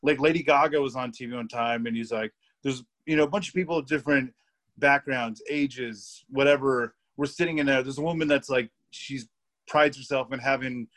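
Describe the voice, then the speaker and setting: A man's voice: medium pitch, normal speed, fairly bright tone. Rambling young man telling work stories. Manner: rambling, laughing, heavy filler words and swearing. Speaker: podcast guest. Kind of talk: casual storytelling chat.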